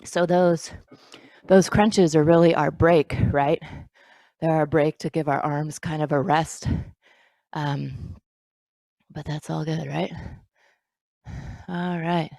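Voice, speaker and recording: A woman's voice: low voice, steady tone, slow pace, vocal fry, long pauses, dark tone, dry recording. A woman leading a bodyweight workout as fitness instructor, counting reps aloud and encouraging the viewer.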